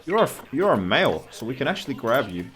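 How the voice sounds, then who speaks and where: A man's voice: mid-range voice, sing-song, quick pace, fairly bright tone. A man from Massachusetts giving casual, rambling let's-play commentary and chatting to the animals on screen. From Massachusetts, USA. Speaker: gameplay commentator. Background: faint game soundtrack music.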